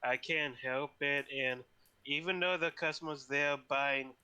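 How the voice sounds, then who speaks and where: A man in casual group chat, relaxed and joking. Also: a little high, unhurried, clean tone, rough recording.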